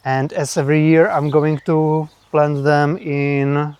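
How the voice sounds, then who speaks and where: A man co-hosting a homesteading vlog, chatting casually outdoors in a garden with dry, deadpan humor. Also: fairly high pitch, slow, clean tone, no echo, highs cut off. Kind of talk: casual chat.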